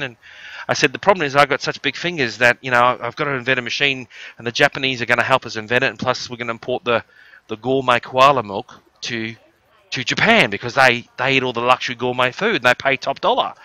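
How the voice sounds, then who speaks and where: On a live stream, a coughing man from the Australian outback rambles through a crude, joke-filled story. His mid-range voice is slightly fast and sharp in tone, with no echo in the recording.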